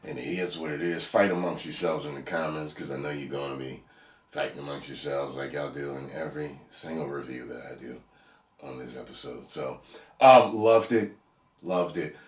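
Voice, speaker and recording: A man giving a casual video review of a TV episode, animated, laughing often and breaking into loud whoops. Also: a bass voice, normal speed. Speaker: TV show reviewer. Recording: echoey room.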